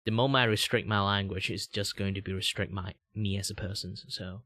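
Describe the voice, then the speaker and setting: A man's voice: a little fast, no echo. Malaysian man chatting on a livestream. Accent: Malaysian English. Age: 30s. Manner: rambling, many "like" fillers, jumps to a much higher voice when excited. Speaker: VTuber streamer. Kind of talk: casual livestream chat.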